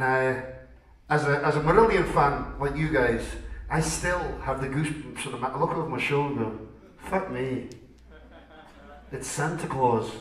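A man's voice: mid-range voice, fairly bright tone, slight background noise. A middle-aged man from Liverpool with a put-on Scottish-style accent, bantering with the audience from a club stage as the band's singer, joking and heartfelt. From Liverpool, England. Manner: joking, self-mocking, heartfelt. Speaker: rock singer. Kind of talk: chatty stage banter between songs. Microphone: stage vocal mic through the PA. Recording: echoey club hall from far off.

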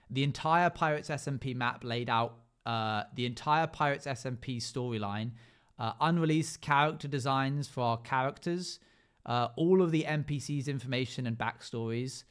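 Smooth-voiced male streamer rattling off lists. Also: medium pitch, normal speed. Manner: rattles off long lists with many fillers. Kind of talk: casual live-stream chat while gaming.

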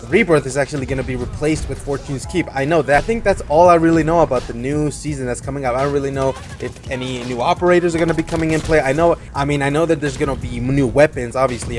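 A young man streaming a shooter game, commentating casually, cursing often and reacting loudly to kills and deaths. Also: medium pitch. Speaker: gaming streamer. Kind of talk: live gameplay commentary. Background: game music and gunfire.

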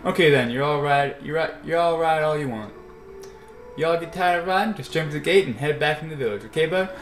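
A man's voice: on the high side, fairly quick, a bit bright, close to an everyday voice. A man voicing a friendly adult male ranch hand in a put-on American Southern drawl, in a roomy-sounding recording. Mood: easygoing. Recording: roomy echo.

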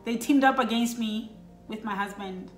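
A woman's voice: on the high side, moderate pace, reverberant, soft background music. A middle-aged woman from Lesotho, telling a personal story in a casual vlog, chatty and full of "you know" asides. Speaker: vlogger.

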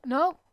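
A woman streamer playing through a horror game, reacting in an expressive way. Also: dry recording. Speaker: gameplay streamer.

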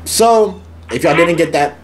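A man commenting on a video game as he plays, casual and loud, swearing and shouting often. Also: on the high side, animated, unhurried, a little hiss or hum. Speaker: gaming streamer. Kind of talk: casual let's-play commentary.

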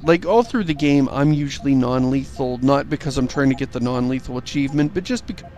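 A man's voice: medium pitch, a little fast, a little mellow, soft background music. A man co-hosting a casual game commentary show, chatty and joking with rambling asides.

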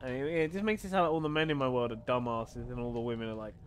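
A man's voice: mid-range voice, steady tone, quick pace, faint music behind. A man streaming a video game, chatting casually with viewers, swearing freely and laughing often. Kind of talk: casual gaming stream chat.

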